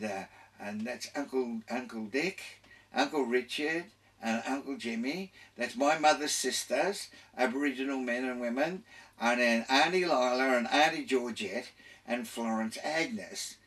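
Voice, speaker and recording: A man's voice: mid-range voice, measured pace, fairly bright tone, distant mic. An older man with an Australian accent, a radio guest telling his life story in a rambling way, full of restarts and laughter.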